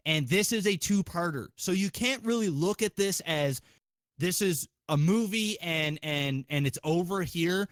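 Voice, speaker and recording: A man hosting a podcast, chatting casually in an excitable, profane way with lots of restarts. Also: high-pitched, unhurried, no room sound. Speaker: podcast host.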